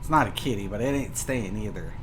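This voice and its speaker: A man streaming a card game, swearing at it and swinging between loud outbursts and low mutters. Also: a little fast, noisy background. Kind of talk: gameplay commentary.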